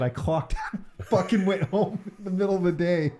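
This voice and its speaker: Young man, mellow dark tone, animated storytelling, swears a lot. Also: high-pitched, moderate pace. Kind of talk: casual podcast chat.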